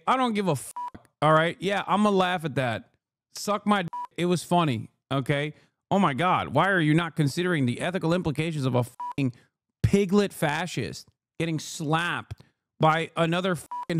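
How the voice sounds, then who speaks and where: A man's voice: a little high, dry recording, clean studio sound. A male streamer giving live reaction commentary in a profane, sarcastic, ranting way.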